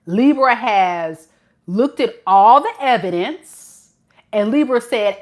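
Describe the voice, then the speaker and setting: A woman's voice: on the high side, lively intonation, slow, darkish tone. A woman giving a casual tarot reading to camera, talking in a sassy, slangy way and laughing often. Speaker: tarot reader.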